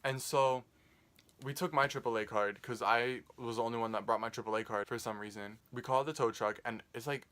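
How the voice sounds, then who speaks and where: A man's voice: medium pitch, fairly even intonation, fairly quick, a bit bright. A young man casually telling a rambling, profane storytime, full of "like". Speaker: vlogger.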